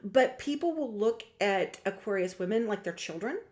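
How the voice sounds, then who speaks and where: A young woman talking casually to her viewers about star signs, chatty and lively, often acting out what other people say. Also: medium pitch, moderate pace. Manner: chatty, animated, acts out quoted voices. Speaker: astrology vlogger and reader. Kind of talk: casual talk to camera.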